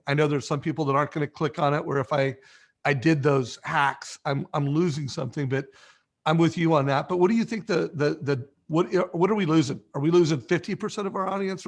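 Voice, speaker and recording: Brief: male interview host, casual and agreeable, slightly high voice, working through his questions out loud. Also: a little fast. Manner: agreeable, thinking aloud, questioning.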